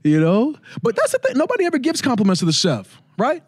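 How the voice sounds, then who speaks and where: A man's voice: extremely high pitch, huge pitch swings, fast talker, husky, dry recording. Playful man telling stories, dry sound. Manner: playful, laughing, slips into silly voices. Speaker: podcast co-host. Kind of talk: casual chat, storytelling.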